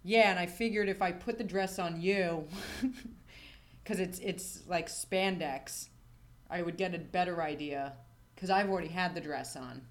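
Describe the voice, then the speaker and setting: A woman's voice: fairly low pitch, unhurried. A woman co-hosting a casual podcast chat in student housing, chatty and wry, often laughing. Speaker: podcast co-host.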